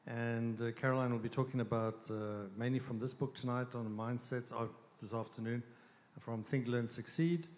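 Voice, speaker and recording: A man speaking on stage at a conference, easygoing and joking, pausing with fillers before introducing his wife. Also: medium pitch, steady tone, a little mellow. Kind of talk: stage talk with joke and announcements. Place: large conference hall with audience. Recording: long hall reverb, faint crowd noise.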